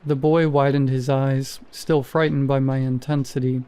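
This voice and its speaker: A man narrating a first-person horror story in a measured, scripted way. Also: mid-range voice, flat delivery, dark tone, clear, resonant tone.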